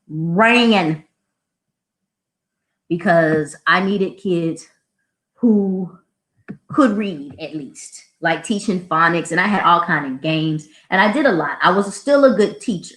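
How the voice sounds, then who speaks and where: A woman who works as a school administrator, hosting a casual show and telling stories in a snarky, animated way. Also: on the low side, takes it slowly. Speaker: podcast host, school administrator. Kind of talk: casual storytelling. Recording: roomy echo.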